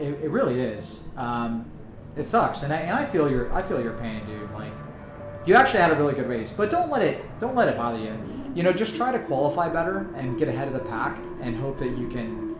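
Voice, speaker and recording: A man streaming a racing game, chatting casually to viewers and leaning hard on likes and you-knows. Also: mid-range voice. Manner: chatty, talks straight to chat, many likes and you-knows. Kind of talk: casual live-stream commentary. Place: home room with racing rig. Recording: roomy sound over game music and engine noise.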